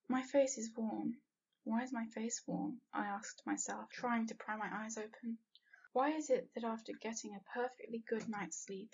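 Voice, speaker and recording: A woman's voice: on the high side, a little mellow, breathy edge. A woman reading a first-person fanfiction story aloud, earnest and sometimes dropping to a whisper. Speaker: fanfiction reader. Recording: dull lo-fi home recording.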